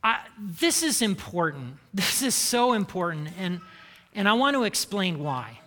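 A man from Indiana delivers a sermon and talks to the room as if in conversation, often tagging lines with "okay?" and "right?". His voice sits high and sounds bright and forward. It rings out with a long echo from a large hall. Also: very animated, a little slow. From Indiana, United States. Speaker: preacher.

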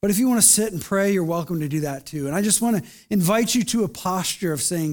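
Earnest pastor, soft hushed pleading. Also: male voice, sits high, lively intonation, fast talker, few pauses. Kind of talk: sermon and closing prayer. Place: church service.

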